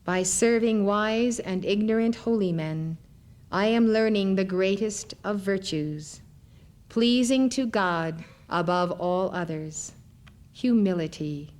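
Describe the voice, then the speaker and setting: A woman voicing a humble, serene, ageless male holy master who speaks gently. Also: sits high, slow.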